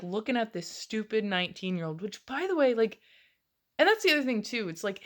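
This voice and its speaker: Woman late 20s, slow rambly confessional talk, swears a lot, laughs in between. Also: mid-range voice, a bit bright. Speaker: vlogger. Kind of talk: casual confessional monologue.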